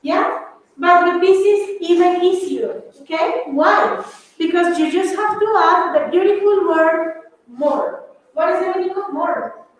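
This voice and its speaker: A woman's voice: extremely high pitch, a little slow. A woman whose first language is Spanish teaching an English grammar class, mixing Spanish into her explanations and calling her students babies. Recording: echoey room, far from mic, faint noise.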